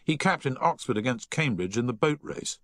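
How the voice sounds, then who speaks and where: A man's voice: mid-range voice, animated, fairly quick, fairly bright tone, no room sound, clean studio sound, voice pushed up, natural voice. A man doing a posh, chirpy young schoolboy. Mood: chatty. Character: posh confident young schoolboy, eager and chatty.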